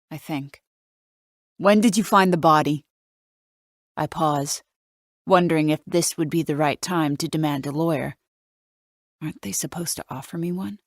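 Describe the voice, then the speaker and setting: A woman with a low voice reads a suspense audiobook in first person, wry and measured. The recording is close and dry, with no room sound. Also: no echo. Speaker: audiobook narrator.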